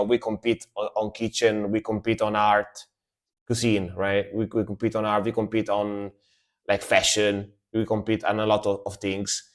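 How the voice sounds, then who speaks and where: A man from Italy, chatting casually and rambling as he reacts to metal songs on a live stream, often repeating himself. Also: on the low side. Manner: rambling, repeats words, laughs easily.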